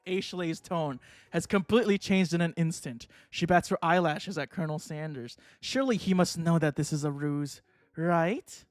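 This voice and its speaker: A young adult man streaming a game, talking casually and excitably, swearing and laughing often. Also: fairly high pitch, normal speed, dry recording, faint music behind. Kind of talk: casual livestream commentary.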